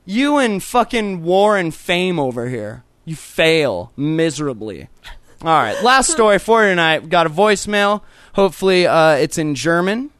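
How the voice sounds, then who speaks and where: A man's voice: fairly high pitch, very animated, unhurried, a bit bright, dry recording. A man co-hosting a casual podcast, ranting with heavy swearing and jokes. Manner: profane, joking rant. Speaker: podcast co-host.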